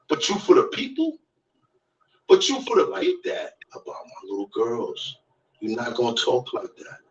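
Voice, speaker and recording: A man ranting angrily, shouting and repeating his lines for emphasis. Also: on the high side, recorded from a distance, low-quality recording. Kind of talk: heated rant from a played clip.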